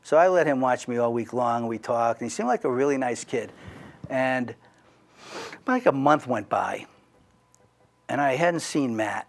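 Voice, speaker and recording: A man's voice: mid-range voice, animated, measured pace, vocal fry, long pauses. A middle-aged man telling a personal story in casual talk, rambling with restarts and asides to the listener.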